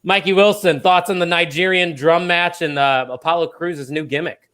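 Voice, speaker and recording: A man's voice: a little high, steady tone, normal speed, sharp tone, clean tone. A man hosting a podcast, leading a casual, joking chat. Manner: joking, leads the discussion. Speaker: podcast host.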